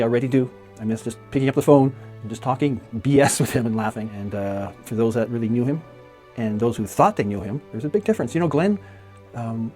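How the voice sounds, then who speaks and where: Fast-talking man telling fond stories. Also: medium pitch, darkish tone. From Canada. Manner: fond, chatty storytelling with frequent laughs. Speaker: magician paying tribute to a late friend. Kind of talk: casual spoken memorial tribute.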